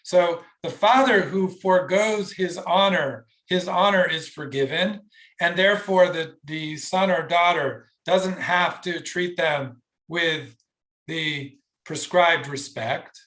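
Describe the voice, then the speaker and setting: A man's voice: a little high, takes it slowly, a bit bright. A male professor lecturing on a Talmud passage, reading out Hebrew and Aramaic quotes and then translating them, in a loose, casual way with frequent fillers and restarts. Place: synagogue hall.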